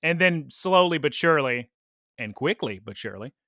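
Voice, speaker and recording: A man's voice: fairly high pitch, animated, normal speed, pushed and bright, no echo, clean studio sound. A man co-hosting a podcast, recapping a cartoon episode in casual, opinionated chat and laughing often. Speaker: podcast co-host.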